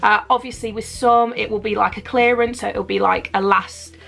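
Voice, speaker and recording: A woman's voice: medium pitch, steady tone, normal speed, gravelly, a bit bright, faint music behind. A woman vlogger from the UK chatting enthusiastically through a clothing unboxing at home, rambling with fillers and a little out of breath. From United Kingdom. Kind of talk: casual unboxing chat.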